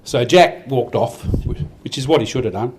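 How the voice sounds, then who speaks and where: A man's voice: medium pitch, normal speed, darkish tone. An older Australian man giving a rambling, heartfelt speech at a farmers' awards night, with many restarts. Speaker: event organiser giving a speech. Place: event hall.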